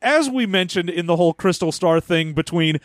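A man's voice: high voice, expressive, a little fast, no room sound, studio quality. A man co-hosting a podcast, riffing and wisecracking about a book. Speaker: podcast co-host. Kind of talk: casual comedic book discussion.

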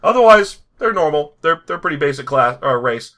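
A man's voice: a little high, very animated, fairly quick, bright, forceful tone. A man co-hosting a casual chat about a tabletop game, joking and laughing often and restarting his sentences. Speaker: podcast co-host.

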